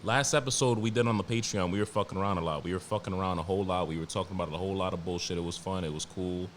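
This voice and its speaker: A man's voice: low-pitched, steady tone, racing, slight background noise. A man hosting a solo podcast, ranting in a casual, profane and emphatic way, often repeating himself and restarting sentences. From New York. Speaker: podcast host.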